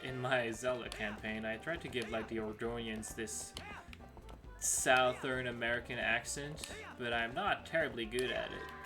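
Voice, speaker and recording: A young man chats casually while he plays, wandering off topic with plenty of fillers. His voice is gravelly at a middling pitch. Game music plays clearly behind him. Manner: rambling, many fillers and asides. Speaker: let's play host. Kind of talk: casual gameplay commentary.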